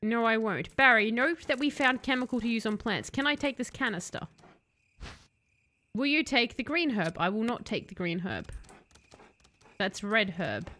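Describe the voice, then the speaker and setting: A woman's voice: fairly high pitch, expressive, normal speed, pauses often, sharp tone. A young woman giving chatty, sarcastic let's-play commentary, talking to the game's hero and to her chat. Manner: chatty, sarcastic, talks to the game character and chat. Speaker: streamer.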